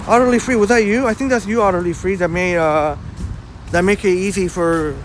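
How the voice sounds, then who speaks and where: A man's voice: high voice, a little fast, slight background noise. A man hosting a casual live walking stream outdoors on a city street, chatting and greeting viewers by name. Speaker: livestream host reading viewer chat.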